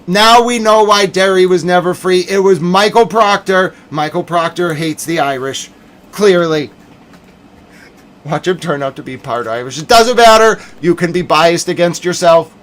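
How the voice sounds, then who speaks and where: Male streamer, high voice, hammy mock-outrage rant, loud then muttered. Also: normal speed. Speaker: livestream commentator.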